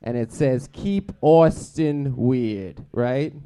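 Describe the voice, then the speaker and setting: A man's voice: medium pitch, drawn-out words, warm tone, smooth. A man in improv comedy playing a brash, crude working-class guy who rambles and swears. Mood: ranting.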